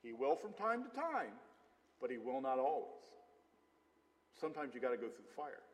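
A man's voice: medium pitch, sing-song, normal speed. A male pastor preaching a conversational sermon, mixing scripture with personal stories. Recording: long hall reverb.

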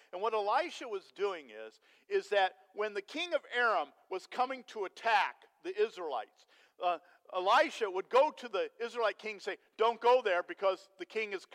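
A man preaching a sermon as pastor, telling a story with animated energy and putting questions to the congregation. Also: high-pitched. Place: church sanctuary. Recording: long hall reverb.

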